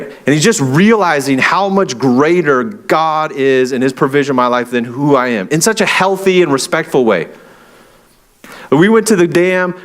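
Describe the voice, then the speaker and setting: A young adult man preaching a sermon in a conversational way, with many fillers and playful acted-out quotes. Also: medium pitch. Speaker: pastor.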